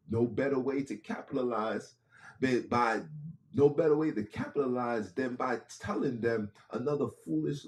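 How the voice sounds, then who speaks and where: A man delivers a fervent podcast monologue at a mid-range pitch. He hammers his points by repeating phrases and restarting sentences. His phrasing stays casual, like talk on the street. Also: darkish tone. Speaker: podcast host.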